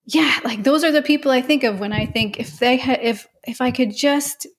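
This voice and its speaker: A woman's voice: high-pitched, moderate pace, slight background noise. A woman in her forties, a mother, talking casually and enthusiastically in conversation. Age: 40s.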